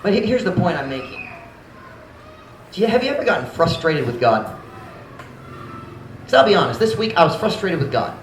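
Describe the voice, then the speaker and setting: Lively male pastor in echoey church. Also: high voice, normal speed, pauses often, slight background noise. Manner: animated, conversational, frank. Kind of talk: storytelling sermon. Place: church sanctuary. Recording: roomy church echo.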